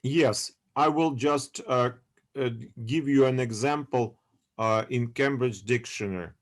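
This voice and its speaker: A man teaching an online lecture over a video call. He halts often, searches for English words, and checks in with his students. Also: medium pitch. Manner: halting, searching for English words, many fillers. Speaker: university lecturer.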